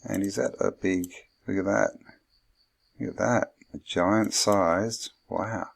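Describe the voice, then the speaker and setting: A man's voice: sits low, fairly even intonation, slow, creaky, breathy edge. A man hosting his channel, rambling through commentary on old photographs and thinking aloud with lots of fillers. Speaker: channel host.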